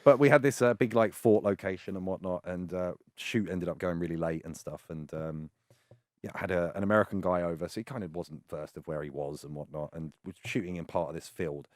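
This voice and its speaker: A British man and adult film performer telling stories in a casual, animated way and acting out other people's lines. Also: sits low, brisk, no echo, studio quality. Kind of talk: casual storytelling.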